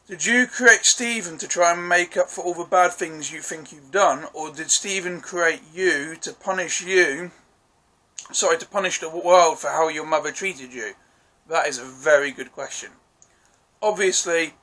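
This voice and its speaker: Man, casual show review, bright tense voice, fairly high pitch, chatty recap. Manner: chatty, apologetic, recaps scenes with quoted lines.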